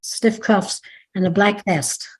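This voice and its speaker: A woman's voice: mid-range voice, slow pace, husky. An older woman with a Dublin Irish accent, chatting as an interview guest about her past and often correcting herself mid-sentence. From Ireland. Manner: chatty, meandering, self-correcting. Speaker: interview guest, dance teacher. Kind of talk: reminiscing interview.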